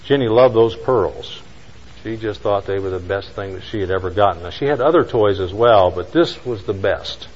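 A man preaching a sermon, telling a story with emphatic lines and slow, quiet stresses. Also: on the low side, slightly rough, big-room sound, dull audio. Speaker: pastor.

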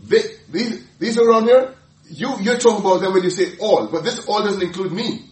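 A man preaching a sermon, emphatic and animated, often laughing and repeating words as he explains a passage. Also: high-pitched, moderate pace, echoey room, recorded from a distance, poor audio. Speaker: pastor.

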